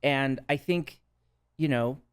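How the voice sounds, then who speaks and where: A man with a Minnesota accent talks through his own story as a podcast guest. His voice is smooth and clear at a middling pitch, and he keeps it earnest and reflective, often tagging his thoughts with a quick "right?". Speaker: guest, substance use counselor. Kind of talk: casual podcast conversation.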